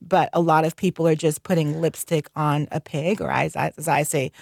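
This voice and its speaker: Candid low-voiced woman contractor. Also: fairly even intonation, moderate pace, creaky, a little mellow, no echo, clean studio sound. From North Carolina. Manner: candid, chatty, laughs often, many fillers. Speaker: guest, licensed general contractor. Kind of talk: radio interview.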